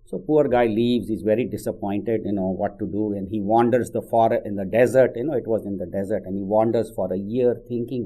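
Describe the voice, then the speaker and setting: Mellow-voiced man giving a spiritual talk. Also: on the low side, steady tone, fairly quick, hardly any pauses, low-quality recording. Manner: conversational, many "you know" asides. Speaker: spiritual teacher. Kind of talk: sermon with storytelling.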